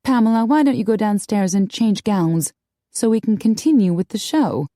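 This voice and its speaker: A woman voicing a brisk young female TV reporter in an audiobook, who speaks in a brisk, managing way. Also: mid-range voice, animated, dark tone, dry recording, clean studio sound, pitched above the performer's own voice, close to an everyday voice. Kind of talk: audiobook character voice.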